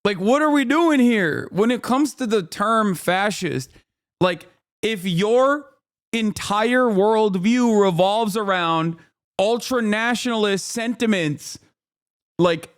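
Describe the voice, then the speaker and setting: A man streaming live, reacting to a clip with animated, indignant commentary, swearing and laughing often. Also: sits high, slow, clean tone.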